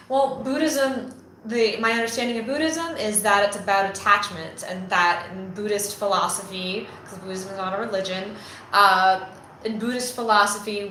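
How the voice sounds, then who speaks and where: A woman's voice: medium pitch, pushed and bright. A woman talking casually to camera from a phone on a selfie stick, rambling in a chatty way, with frequent fillers and restarts. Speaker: channel founder and ministry vlogger. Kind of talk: casual spoken reflection to camera. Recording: echoey room, faint background hum.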